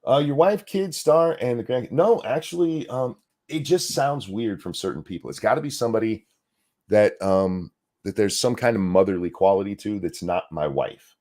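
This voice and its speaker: Brief: middle-aged male co-host, low voice, very animated delivery, profane jokey live-stream banter. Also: normal speed. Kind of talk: casual live stream chat reading donations.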